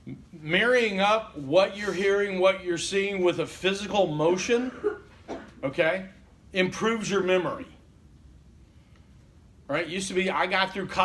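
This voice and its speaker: Slight background noise accompanies a man whose medium-pitched voice has a fairly bright tone. He teaches a college class in a relaxed, conversational style, often saying "okay?" and acting out what listeners could be thinking.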